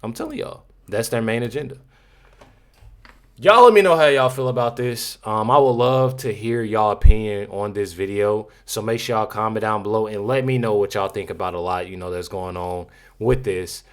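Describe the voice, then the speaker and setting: A man's voice: on the low side, moderate pace. A man giving casual reaction commentary to his viewers, talking emphatically and repeating himself, often addressing them as y'all. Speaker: YouTube commentator.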